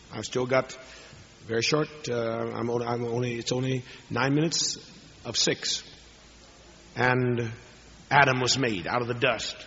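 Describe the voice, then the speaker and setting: A man preaching a sermon to a hall audience, telling stories dramatically and moving from hushed tones to raised ones. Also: mid-range voice. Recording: dull lo-fi recording with long hall reverb.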